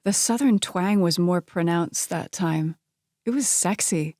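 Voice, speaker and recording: A woman's voice: fairly low pitch, a little slow, warm tone, no echo, clean studio sound. Woman narrating a romance audiobook.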